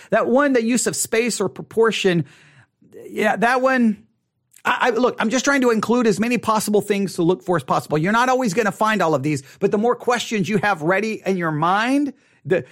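Speaking in a high voice, a man explains a Bible study method with casual animation. He frequently starts his phrases over and plays out a reader's reactions.

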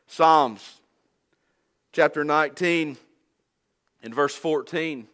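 A man preaching a sermon, quoting scripture in a measured, emphatic way with falling phrase endings. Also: sits high, expressive, fairly bright tone.

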